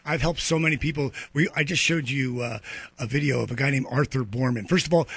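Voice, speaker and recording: A man's voice: medium pitch, fast talker, fairly bright tone, breathy edge, no echo. A man in his fifties, a radio interview guest telling stories in a boisterous, blunt way from a studio. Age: 50s.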